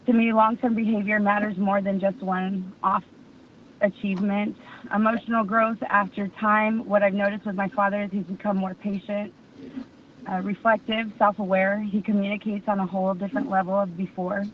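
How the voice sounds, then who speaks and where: A woman's voice: medium pitch, level tone, moderate pace, a little hiss or hum. A woman reading an earnest statement at a parole hearing, with some hesitant fillers. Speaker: public commenter at parole hearing. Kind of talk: read public statement. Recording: tinny distant phone line.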